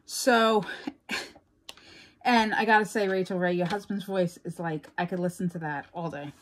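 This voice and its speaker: A woman's voice: on the low side, fairly even intonation, a little slow. A woman with a New York accent chatting casually to viewers as a crafting vlogger, rambling and laughing often.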